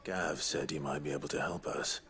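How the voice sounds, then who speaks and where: An actor voicing a serious, earnest young male swordsman in a game, speaking in a steady, measured way. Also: rumbling low. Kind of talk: game dialogue.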